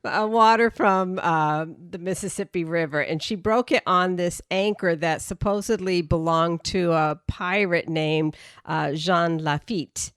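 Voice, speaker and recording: A chatty woman with a faint Boston accent walks through her research in a relaxed podcast conversation. Her voice sits fairly low, and it is recorded dry and close with no room sound. She talks loosely, with frequent fillers and restarts. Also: measured pace, smooth, no room sound. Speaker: podcast co-host presenting research. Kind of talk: casual podcast chat.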